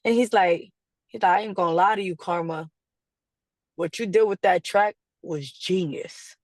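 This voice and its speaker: A woman being interviewed, telling a story in a casual, animated way, acting out quotes and laughing often. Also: on the low side, normal speed, no room sound. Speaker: guest artist.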